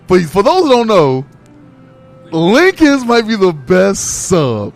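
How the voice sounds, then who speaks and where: A man on a radio show, venting with emphatic, animated storytelling. His voice is high and swings widely in pitch. Faint music sits underneath. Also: slow pace. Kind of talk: casual comedic rant.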